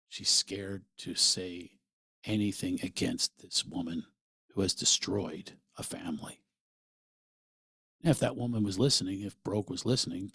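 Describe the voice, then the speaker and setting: A middle-aged man hosting a podcast, telling a personal story in an animated way and acting out what others said. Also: on the low side, husky, no echo, studio quality. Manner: animated, quotes people in lively voices. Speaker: podcast host.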